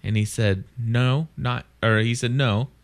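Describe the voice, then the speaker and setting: A man's voice: mid-range voice, steady tone, a little slow. A man hosting a podcast, chatting casually and rambling with many restarts and fillers. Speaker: podcast host. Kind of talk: casual chat.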